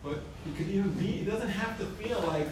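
A man's voice: high voice, fairly quick, background noise. A man, a rabbi, earnestly explaining a point in a class discussion. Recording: echoey room from far off, crowd.

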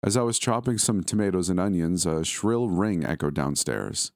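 A man with a very low, deep voice tells a first-person horror story. His delivery is steady and measured, recorded dry and close with no room sound. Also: dry recording.

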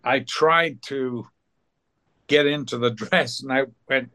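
Older actor guy spinning anecdotes, slow easy storytelling, mid-pitched voice. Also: sharp tone. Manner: unhurried, acts out other people's voices. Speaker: actor guest.

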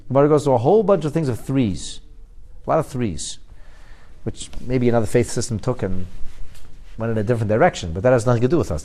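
Animated man giving a Torah class. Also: medium pitch. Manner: animated, rhetorical questions to listeners; frequent restarts and repeated words. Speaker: rabbi teaching a class.

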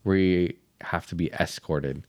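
A low-pitched man talking on a podcast, rambling and thinking out loud with plenty of fillers. His voice comes across dry and close, with little room sound. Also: fairly even intonation, slow, no echo. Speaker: podcast co-host. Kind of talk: casual chat.

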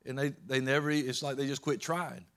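A man preaching a sermon, swinging between loud emphatic peaks and low soft storytelling, often repeating words and restarting. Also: flat delivery, fairly quick. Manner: rising to loud emphatic peaks, then dropping low and soft while retelling scripture.

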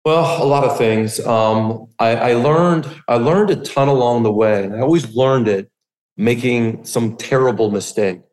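A middle-aged man, a guest on an interview podcast, telling his story with lively acted-out quotes. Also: medium pitch, unhurried. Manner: animated storyteller, acts out quotes. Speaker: podcast guest, business coach.

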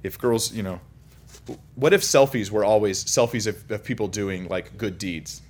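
A man's voice: fairly low pitch, moderate pace. A young man giving a casual, chatty Bible teaching, full of anecdotes and self-interruptions. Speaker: preacher.

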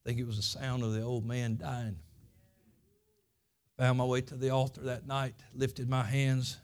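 A man's voice: medium pitch, flat delivery, moderate pace, darkish tone. A man preaching a Sunday school lesson, telling his own testimony in folksy, earnest, plain country speech. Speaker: pastor.

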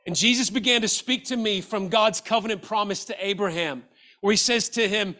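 Bright-voiced earnest middle-aged male preacher. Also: high voice, brisk. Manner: earnest and exhortative, with rhetorical questions. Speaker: pastor. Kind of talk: sermon.

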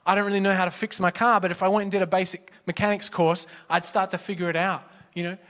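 A pastor preaching a sermon in a church, passionate and emphatic, with repeated refrains. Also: male voice, sits high, little pitch movement, quick pace, fairly bright tone. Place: church auditorium. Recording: echoey hall reverb.

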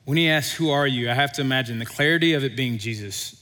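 Conversational preacher in a reverberant hall. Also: male voice, medium pitch, fast talker. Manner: conversational, animated storytelling with quoted voices. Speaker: pastor. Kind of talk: sermon.

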